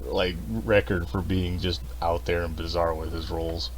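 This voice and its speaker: A man's voice: sits low, little pitch movement, a little hiss or hum. A man co-hosting a podcast, chatting casually about a horror movie, laughing often and swearing. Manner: slow, laughs often, profane. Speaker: podcast co-host.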